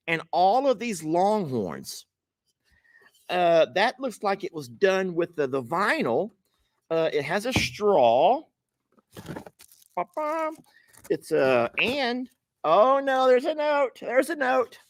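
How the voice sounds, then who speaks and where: A man's voice: high voice, big pitch swings, slow pace, pauses often, no echo. A man hosting a casual vlog, chatting folksily and directly to his viewers as he opens gifts. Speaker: vlog host. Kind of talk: casual vlog chat while opening gifts.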